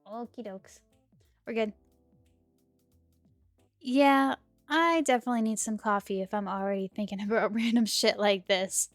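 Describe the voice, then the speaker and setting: Reading lines from a dating game in a relaxed stream, a woman with a sore throat adds chatty, giggling comments in between. She speaks at a measured pace in a mid-range voice, pausing often, with no room sound and faint game music playing.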